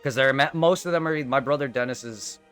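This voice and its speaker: A man on a live game stream, venting in a heated, profane, rapid-fire way. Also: mid-range voice, a bit bright, faint music behind.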